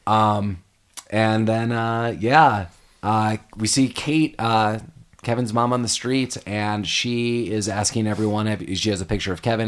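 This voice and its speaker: A man hosting a casual podcast, recapping a film scene and tossing in quick voices for the characters. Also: fairly low pitch, fairly even intonation. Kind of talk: casual chat.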